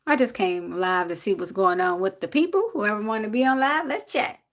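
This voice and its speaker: A woman's voice: mid-range voice, expressive, normal speed. A woman from City, chatting casually on a livestream with her viewers and her dog. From Jersey City, USA. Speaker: livestream host. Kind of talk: casual live-stream chat.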